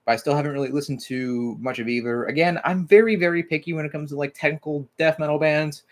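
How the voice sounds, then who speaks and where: A man's voice: a little high, quick pace. Rambling man chatting on a livestream. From Mississippi, US. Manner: rambling, heavy use of "like" fillers, casual swearing. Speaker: livestream host. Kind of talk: casual livestream chat.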